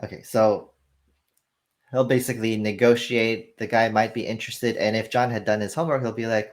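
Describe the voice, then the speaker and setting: A man casually explaining the film business as an interview guest, telling animated anecdotes and acting out the dialogue. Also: lowish voice, fairly quick. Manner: animated storytelling, acts out dialogue.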